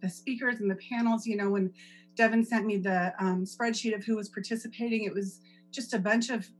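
A woman's voice: mid-range voice, steady tone, fairly quick, slight background noise, rough recording. Emotional woman sharing at a meeting. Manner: heartfelt, laughing through tears. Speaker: speaker at a recovery meeting. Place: home office. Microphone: video call.

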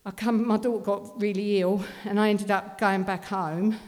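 A middle-aged woman tells her recovery testimony in blunt, working-class speech full of swearing. Her voice sits at an ordinary pitch and carries a long reverb from the hall. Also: fairly even intonation, moderate pace, a little mellow, faint music behind.

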